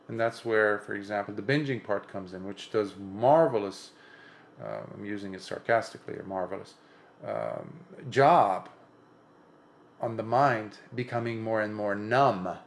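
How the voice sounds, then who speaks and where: A man's voice: on the low side, gravelly. A Buddhist monk giving an impromptu dharma talk, earnest and emphatic, lifting his voice on repeated points and often restarting his sentences.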